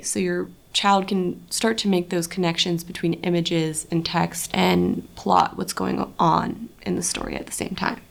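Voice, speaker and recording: A young woman hosting a podcast for parents in a recording studio, explaining read-aloud tips in an animated way. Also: fairly low pitch, creaky. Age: young adult. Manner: animated, bursts into dramatic read-aloud voices. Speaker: podcast host. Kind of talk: instructive podcast talk for parents.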